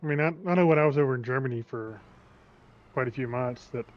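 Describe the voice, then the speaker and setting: A man chatting casually as a co-player, talking in halting, stammering restarts. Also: medium pitch. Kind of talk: casual gaming chat. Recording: dull lo-fi mic.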